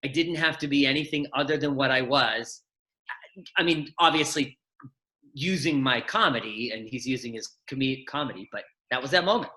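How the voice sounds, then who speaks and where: A middle-aged man, an actor and former kids' show host, chatting on a video call and telling lively stories with acted-out voices. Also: medium pitch, normal speed. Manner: animated storyteller, acts out voices and shouts. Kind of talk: casual chat, storytelling.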